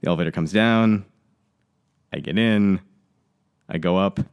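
A man's voice: deep voice, a little slow, clear, resonant tone. Worked-up storytelling man, swearing. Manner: animated, swears, worked up while telling a story. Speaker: podcast co-host. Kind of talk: casual storytelling chat.

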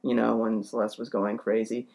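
A gravelly-voiced man with a flat delivery and normal speed tells a podcast story in a casual, rambling way, full of fillers and restarts. As he gets heated and starts ranting, he acts out quotes in a higher, shouting voice.

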